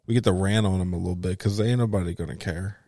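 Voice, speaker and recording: Young male co-host, low voice, dry close sound, slow teasing delivery. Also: fairly even intonation, warm tone, dry recording. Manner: laid-back, teasing, drawn-out phrases. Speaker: podcast co-host. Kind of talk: casual chat.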